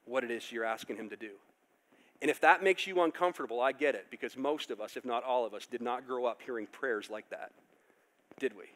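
A male pastor preaching a sermon, animated, acting out characters with loud outbursts. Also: fairly high pitch.

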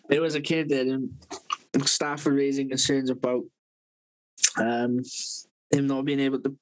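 A man's voice: medium pitch, big pitch swings, slow, long pauses, low-quality recording. A man, a podcast co-host, telling a long rambling story full of swearing and laughter in a casual chat.

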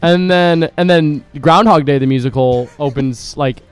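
A young man doing casual let's play commentary, crude and joking, getting excitable. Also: a little high, a little slow, smooth, no echo.

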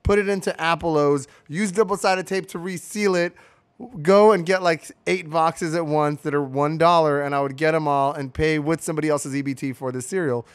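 A man's voice: a little high, steady tone, moderate pace, clear, resonant tone. A man telling a rambling, profane story in a casual podcast chat. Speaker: podcast host.

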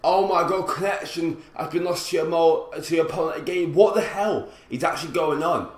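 A man commentating his own football video game play, frustrated and swearing, with sudden loud outbursts. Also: a little high, brisk. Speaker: gaming commentator. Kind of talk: gameplay commentary. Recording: roomy echo.

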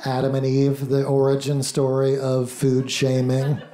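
Deadpan comic man in an echoey club. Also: mid-range voice, unhurried, some chatter behind. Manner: dry, deadpan punchlines with mock-earnest asides. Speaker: stand-up comedian. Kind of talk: stand-up set. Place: comedy club stage before a laughing crowd. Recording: echoey, noisy live club recording.

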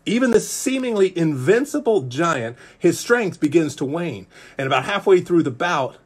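A man in his forties, a pastor giving a Bible study sermon in a lively, joking way that acts out little characters. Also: a little high, normal speed, husky. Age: 40s. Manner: animated, acts out characters and jokes with the room. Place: church.

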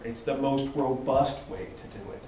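A man's voice: mid-range voice, moderate pace, dark tone, slight background noise. A man presenting at a tech meetup, explaining casually to a small group with frequent restarts and "right?" checks. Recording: echoey room, distant mic, faint ambience.

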